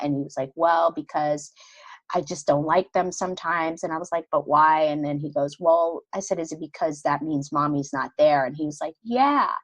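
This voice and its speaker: A middle-aged woman with a low voice, a podcast guest, tells a personal story in casual conversation, animatedly acting out the dialogue she quotes. The audio is poor, with no echo.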